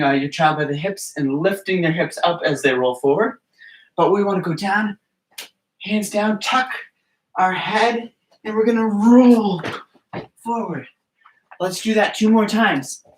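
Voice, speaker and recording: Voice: mid-range voice, slight background noise. A gymnastics coach leading a children's movement class, counting aloud and encouraging small children and their parents. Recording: roomy, distant from the mic.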